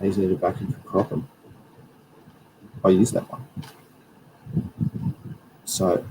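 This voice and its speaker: A man's voice: fairly low pitch, mellow, slight background noise, poor audio. A man hosting a live stream, chatting loosely and correcting himself as he reads through slides. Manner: rambling, self-correcting, chatty. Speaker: livestream host, plant scientist. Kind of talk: casual livestream talk, reading through slides.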